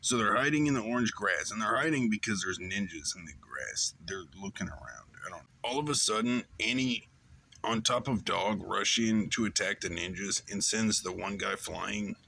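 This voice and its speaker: A man with a bright, forceful voice talks through a casual episode recap. His delivery is loose and rambling, full of "like" and "remember" as he retells one scene after another. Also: fairly low pitch, expressive, moderate pace, gravelly, a little hiss or hum. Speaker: show host.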